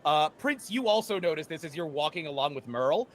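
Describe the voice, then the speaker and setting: A man running a tabletop game in an animated, high-pitched voice that swings widely, narrating freely with frequent fillers. Faint noise hums behind him. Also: fairly quick. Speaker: game master.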